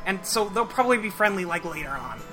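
A man's voice: sits high, very animated, fast talker, over music. A man reading as a nasal, mocking alien troll boy. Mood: taunting. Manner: mocking, insulting, argumentative. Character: crude contrary young male alien troll.

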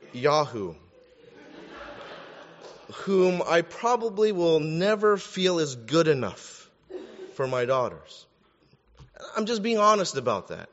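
A man's voice: medium pitch, fairly bright tone. A man preaching a sermon in a conversational style, with joking asides to the congregation. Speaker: pastor. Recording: dull sound with long hall reverb.

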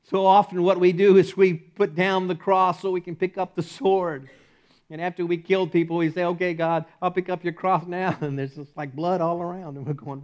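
Animated male preacher with big swings. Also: sits high, moderate pace. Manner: animated, swings from loud emphasis to soft near-whisper, laughs often. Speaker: pastor. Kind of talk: sermon.

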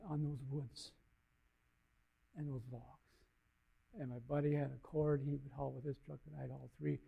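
An older man giving an informal, rambling sermon with a personal story, his folksy voice swelling loud and dropping low. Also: vocal fry, narrow, tinny audio. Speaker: lay preacher.

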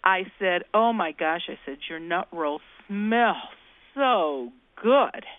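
Over a tinny phone line, a woman guest, a cookbook author who talks about ghosts, tells folksy ghost anecdotes in an interview and acts out the voices she quotes. Her voice is fairly low and animated, and she takes it slowly.

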